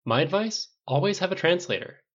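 A man's voice: high-pitched, sing-song, fairly quick, lo-fi sound, pitched above the performer's own voice. A man voicing a gangly nineteen-year-old delivery kid who teases bluntly and casually. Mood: joking.

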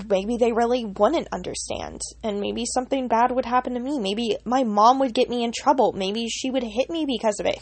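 A woman's voice: on the high side, darkish tone. A young woman casually telling a personal story in a rambling way, full of restarts and fillers.

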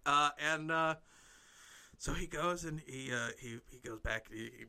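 A man's voice: fairly high pitch, measured pace, bright, forceful tone, clean tone. A man improvising a comic story, rambling and playful, often breaking into giggles.

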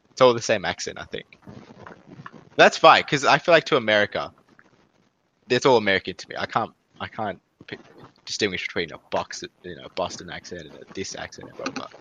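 Bright-voiced Australian man joking around. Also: fairly low pitch, poor audio. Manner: joking, animated and laughing. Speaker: podcast co-host. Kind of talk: casual podcast banter.

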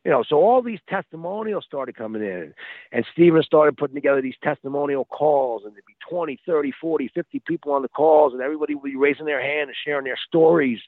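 A man calls in as a guest and tells stories in a loose, excited way. His voice sits a little high and he often repeats words. The sound is dry and tinny, as if from a phone line. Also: fast, dry recording. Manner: animated, repeats words, acts out quotes. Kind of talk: casual storytelling. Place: outdoors by a street. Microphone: phone call.

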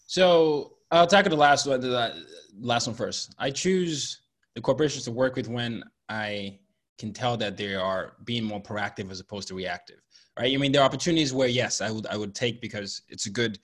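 A man's voice: medium pitch, fairly quick, a bit bright. Man, guest speaker, from Nigeria, earnest, explains with examples. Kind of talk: interview answers.

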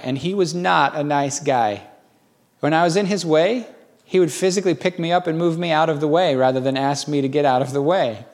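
Man, pastor, sermon, folksy storytelling, slightly high voice, middle-aged. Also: fairly quick. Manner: folksy storytelling, animated bursts when quoting others.

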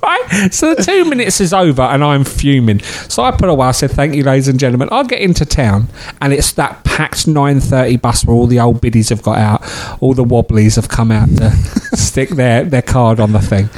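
A man's voice: medium pitch, moderate pace, few pauses. A man co-hosting a podcast, telling stories in casual chat and acting out the voices of the people in them. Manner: animated storyteller, acts out voices. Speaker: podcast co-host.

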